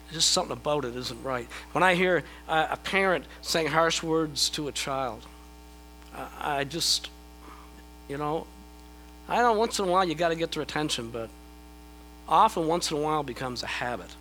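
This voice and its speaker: A man's voice: on the high side, animated, moderate pace, sharp tone, a little hiss or hum, poor audio. A middle-aged man preaching a sermon in a conversational, self-deprecating way, often repeating his words as he starts a thought. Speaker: pastor.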